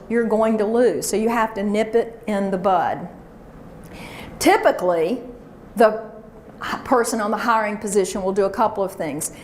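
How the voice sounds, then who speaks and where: A professional speaker with a medium-pitched, slightly mellow voice gives a motivational seminar talk in a conference room, coaching the audience to repeat phrases. The recording is echoey, with a faint hiss.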